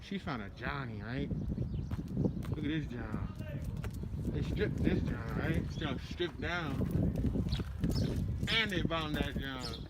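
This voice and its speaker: A man vlogging while jogging outdoors with his dog, out of breath, excitable and full of slang. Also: mid-range voice, slow, pauses often, heavy background noise. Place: outdoors on a street. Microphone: handheld camera.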